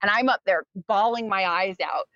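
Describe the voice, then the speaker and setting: A talkative woman in her forties recounts her experiences in an interview, animated and quick to act out other voices. Her mid-pitched voice is recorded dry and slightly muffled. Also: dry recording. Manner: animated, talkative, acts out quotes. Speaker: interview guest. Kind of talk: personal storytelling in an interview.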